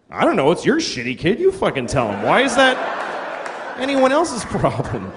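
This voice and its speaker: A man's voice: medium pitch, huge pitch swings, moderate pace, a bit bright. Profane, ranting male stand-up comic. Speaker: stand-up comedian. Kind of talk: stand-up comedy routine. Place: live comedy venue. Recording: echoey live club with audience noise.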